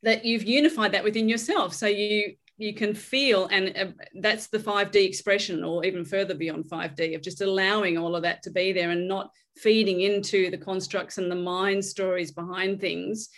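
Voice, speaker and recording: A woman's voice: medium pitch, steady tone, moderate pace, hardly any pauses. Affirming woman podcast host. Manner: warmly affirming, spiritual jargon, loose phrasing. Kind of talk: casual podcast conversation.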